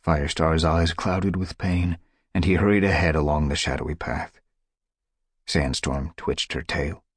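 A man narrating an audiobook in a dramatic, measured way. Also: a bass voice, fairly even intonation, breathy edge, no echo, clean studio sound. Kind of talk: scripted narration.

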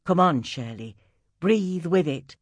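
A narrator voicing a gentle, patient nun who works as a midwife, talking softly and soothingly to a patient in an audiobook. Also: female voice, lowish voice, lively intonation, slow pace, dry recording. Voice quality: soft, soothing.

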